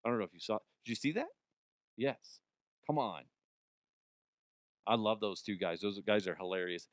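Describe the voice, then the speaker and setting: A man's voice: lowish voice, expressive, moderate pace, no echo. A man hosting a comedy news show, rambling in a jokey, self-interrupting way. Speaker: podcast host. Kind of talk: casual comedic commentary.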